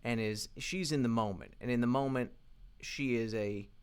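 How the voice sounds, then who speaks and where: A man's voice: medium pitch, moderate pace, clean tone. A man recording a casual work vlog, thinking aloud as he animates, rambling with frequent restarts and fillers. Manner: thinking aloud while working. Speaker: independent animation creator.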